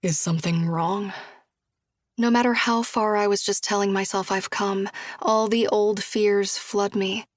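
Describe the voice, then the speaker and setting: A woman narrating a first-person audiobook in a soft, even voice, dropping to a hush for her own dialogue. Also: medium pitch, unhurried, no room sound.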